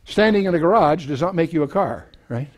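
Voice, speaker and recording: Speaking fairly quickly with lively intonation, a man whose voice sits a little high works through a Bible passage verse by verse before a live audience. He keeps it conversational, dropping in folksy asides and self-deprecating jokes, often using fillers and restarting.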